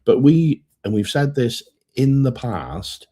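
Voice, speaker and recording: A man's voice: mid-range voice, big pitch swings, slow pace, dark tone. A man co-hosting a live travel stream, giving opinions with dry, teasing banter. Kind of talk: casual live chat.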